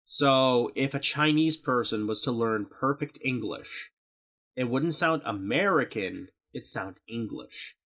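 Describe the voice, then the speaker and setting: A man's voice: medium pitch, lively intonation, unhurried, fairly bright tone. A man co-hosting a casual podcast chat, rambling through explanations and swearing now and then. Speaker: podcast co-host.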